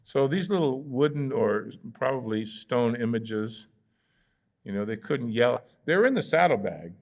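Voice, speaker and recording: An American pastor teaches a Bible study in a relaxed, conversational way. His voice sits in a middle pitch with a gravelly edge, and he breaks up the reading with playful asides where he acts out the characters. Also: unhurried. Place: church sanctuary.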